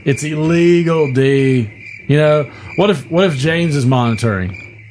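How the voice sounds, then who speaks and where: A man's voice: on the high side, animated, a little slow, slight background noise, voice pushed up. A man playing a nervous, easily goaded office worker who pleads anxiously. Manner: anxious, pleading, rising to panicked shouts.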